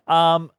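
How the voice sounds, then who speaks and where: A young man co-hosting a casual podcast, chatting with his friend and laughing often. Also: dry recording. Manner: laughs often, rapid-fire sign-off plugs. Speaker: podcast co-host. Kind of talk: casual chat.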